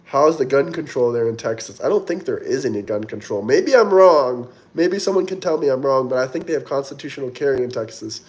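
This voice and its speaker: A man's voice: mid-range voice, animated, fast, hardly any pauses, darkish tone. A man hosting a casual livestream, chatting loosely and reading viewer comments aloud in a rambling way. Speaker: livestream host reading chat.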